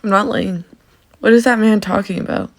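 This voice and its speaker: A man voices a stubborn young woman who refuses to rest. The reading is plain, with a gravelly voice. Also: high voice, fairly even intonation, normal speed. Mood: defiant.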